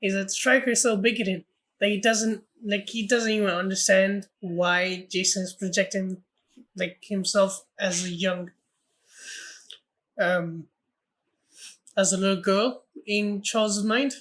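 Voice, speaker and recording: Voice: medium pitch, fairly even intonation, measured pace, pauses often, fairly bright tone. A podcast co-host in casual film chat, thoughtful and easygoing, often giving short replies.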